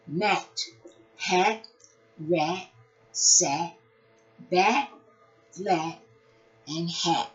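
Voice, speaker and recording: A woman reads a picture book aloud to small children, her pitch leaping and dipping in a sing-song storybook manner. She takes her time over each word and breaks off for playful little asides. The recording is dull and lo-fi. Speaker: early-reading teacher.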